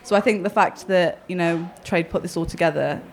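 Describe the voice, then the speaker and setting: Fast-talking young woman. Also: on the low side, slight background noise. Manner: bubbly, casual. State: out of breath. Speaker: music artist. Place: backstage at a theatre event.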